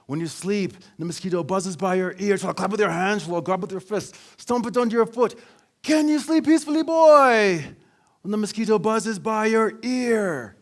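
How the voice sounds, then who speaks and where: A man voicing his stern, wise father from Leone, speaking slowly and emphatically as if preaching. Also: high voice, pitched above the performer's own voice, natural voice. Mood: booming, preaching. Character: wise stern African father, booming and proud.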